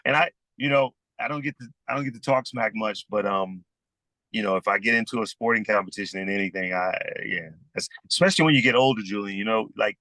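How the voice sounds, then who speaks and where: Bright-voiced Southern man, easygoing. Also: fairly low pitch, no echo. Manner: easygoing storyteller, calls people "man". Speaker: guest. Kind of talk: casual conversation.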